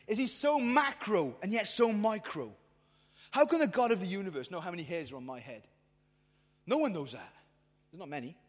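Brief: man in his thirties, youth preacher, strikingly high voice, passionate and chatty, long hall reverb. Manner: passionate and colloquial, addressing the crowd. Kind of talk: lively youth sermon. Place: large hall at a youth event.

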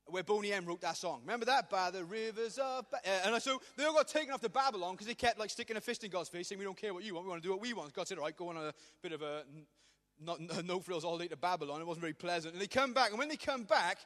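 A man's voice: sits high, fairly bright tone, big-room sound. A man preaching a joking, rambling youth sermon in a church. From Wales. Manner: joking, rambling, self-deprecating. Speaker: pastor. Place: church hall.

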